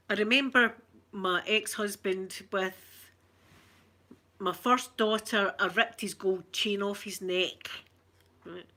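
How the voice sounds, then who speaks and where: Sharp in tone and medium in pitch, the middle-aged Scottish woman talks casually on her ASMR stream. She tells meandering stories and reads comments from her viewers.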